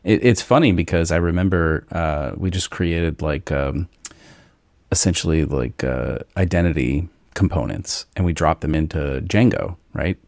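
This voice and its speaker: A man's voice: low-pitched, creaky, darkish tone, no room sound, studio quality. A man co-hosting a podcast, joking around and drawing out his words in casual tech chat. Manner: jokey, drawn-out slow phrases. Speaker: podcast co-host.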